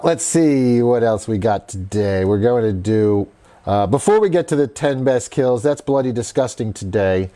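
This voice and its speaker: A man hosting a live horror news stream at a middle pitch. He rambles casually and laughs easily, breaking off to greet viewers in the chat by name. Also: dark tone.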